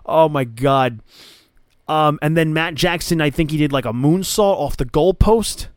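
Smooth-voiced enthusiastic male podcast host. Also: fairly high pitch, a little slow, no echo, studio quality. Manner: enthusiastic, rambling play-by-play recap. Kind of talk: casual chat.

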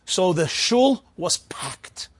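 A man telling an animated religious story, acting out the people in it. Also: sits high, slow, husky, no room sound. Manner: animated, acts out the characters.

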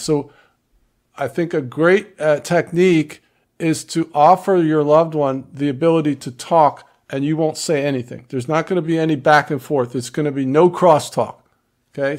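A man's voice: on the high side, moderate pace, darkish tone. A man giving earnest, direct relationship advice to viewers in a coaching tone. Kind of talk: instructive advice talk to viewers.

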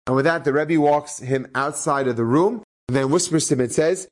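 A man's voice: fairly high pitch, fairly quick, hardly any pauses. A man, a rabbi, telling inspirational stories in a Torah talk, acting out the quoted speech. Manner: animated, acts out quoted speech.

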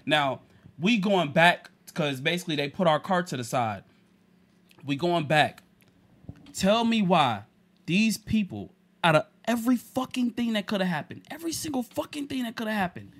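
A young man, a podcast co-host, telling a casual, profane story and swinging between loud and quiet. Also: a little high. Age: young adult.

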